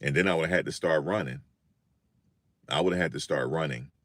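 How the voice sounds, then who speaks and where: An older man telling funny stories in a casual, animated monologue, often repeating himself. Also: a bass voice, normal speed, no echo. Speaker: vlogger.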